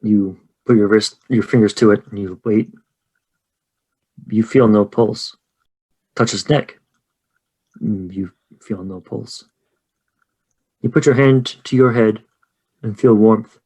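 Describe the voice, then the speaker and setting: A man narrating a tabletop horror game as game master, with slow, measured description and often dropping quiet. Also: lowish voice, fairly even intonation, breathy edge.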